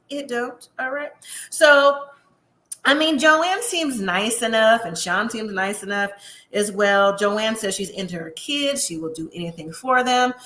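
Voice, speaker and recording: A woman's voice: a little high, bright, forceful tone. A woman from the US West Coast gives a chatty, sassy recap of a reality show and talks straight to her viewers. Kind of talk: casual recap commentary. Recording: echoey room.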